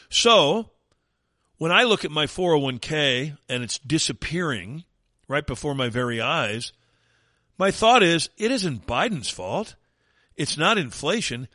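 A man's voice: on the high side, big pitch swings, a little slow, pushed and bright, no echo, studio quality. A man hosting a talk radio show, delivering a sarcastic, mocking rant in an opinionated monologue.

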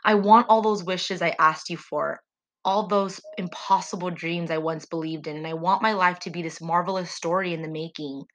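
A woman's voice: fairly low pitch, steady tone, moderate pace, fairly bright tone, a little hiss or hum, low-quality recording. A woman hosting a solo faith podcast, talking in an earnest, prayerful and heartfelt way. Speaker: podcast host.

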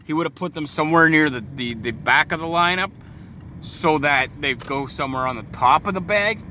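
A tired young man rants furiously and swears through a comic tirade, recorded in his car at night. His voice sits high and comes out bright and sharp. Faint road noise hums behind him. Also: fairly quick. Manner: profane, exasperated ranting. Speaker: podcast host. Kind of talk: angry comic rant.

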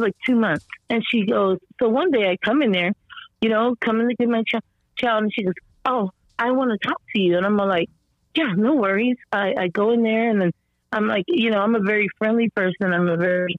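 A woman as a podcast guest tells her story in an animated, rambling way, full of fillers and restarts, and acts out the people she quotes. Her voice sounds slightly strained. The recording is dull and lo-fi with a dry, close sound. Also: mid-range voice, dry recording. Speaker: podcast guest, mother of an autistic son. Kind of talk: conversational storytelling interview.

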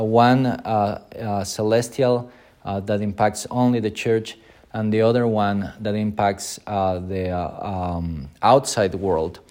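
A man with a somewhat low voice leads an off-the-cuff Sunday School Bible lesson as pastor. He fills his pauses with frequent uh and um sounds. He jumps into higher voices to act out the lines he quotes. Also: a little mellow. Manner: frequent filler sounds, acts out quoted speech in raised voices.

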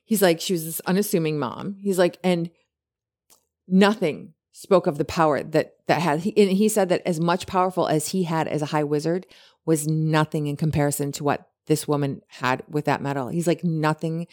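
A woman co-hosting a podcast, chatting casually and retelling a story with many animated quotes. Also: low voice, normal speed. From lived in California. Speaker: podcast co-host.

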